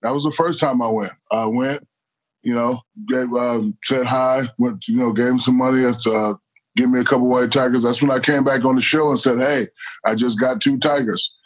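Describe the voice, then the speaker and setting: A man co-hosting a chat show, telling a rambling story in halting starts. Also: mid-range voice, fairly even intonation. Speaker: co-host. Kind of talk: casual chat.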